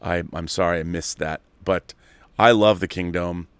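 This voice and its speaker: A man's voice: sits low, fairly even intonation, normal speed, smooth, no echo. A middle-aged man hosting a live show, chatting casually and nostalgically as he reads viewer questions, rambling with many restarts. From Seattle area. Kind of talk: casual live-stream chat.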